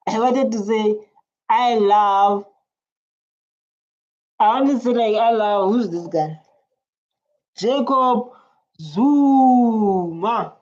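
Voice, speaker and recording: A woman's voice: fairly high pitch, very slow, long pauses, a little mellow, lo-fi sound. A woman giving casual reaction commentary, rambling and repeating her words. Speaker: reaction video host.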